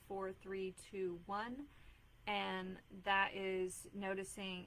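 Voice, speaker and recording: Brief: woman, thirties, casual live-stream coach, mid pitch, earnest and chatty, faint noise behind. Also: fairly bright tone, rough recording. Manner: earnest, chatty, many fillers and "like"s. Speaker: mom life coach hosting a live video.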